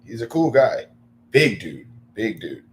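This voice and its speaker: Deep-voiced man rambling on a livestream. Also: unhurried, a little hiss or hum. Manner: rambling, filler-heavy, with excited bursts. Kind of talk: casual livestream chat.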